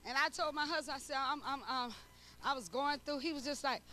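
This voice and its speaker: A middle-aged woman preaching a sermon, her voice very high and strikingly bright. She talks to the congregation in a lively, conversational way, using everyday speech and acting out small back-and-forth dialogues. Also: fairly quick, a little hiss or hum. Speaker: prophetess preaching.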